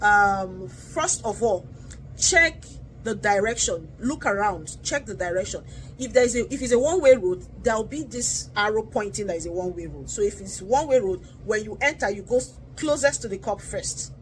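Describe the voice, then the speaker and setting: A woman chats to her viewers in a relaxed, earnest vlog, sprinkling her talk with "you know" and "like". Her voice sits at a middle pitch. A faint hiss runs under the recording. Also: low-quality recording. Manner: chatty, earnest, frequent fillers like "you know" and "like". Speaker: vlogger sharing driving test advice. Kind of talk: casual talking-to-camera vlog.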